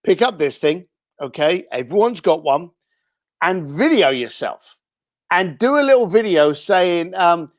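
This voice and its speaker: A British man, a guest on an interview show, giving casual advice in an animated way and acting out what people might say. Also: high-pitched, a little slow, dry recording, clean studio sound. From Britain. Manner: animated, acts out quoted speech.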